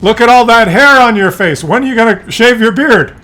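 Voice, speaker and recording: A man putting on the voice of his elderly father, gruff and impatient, snapping and nagging. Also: very high-pitched, a little fast, sharp tone.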